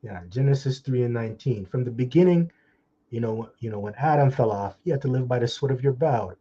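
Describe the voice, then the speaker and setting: A man giving an informal scripture talk, blunt and scolding with mocking asides, and reading the verses slowly. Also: mid-range voice, dark tone, muffled recording, a little hiss or hum. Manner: slow, drawn-out scripture reading. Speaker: preacher.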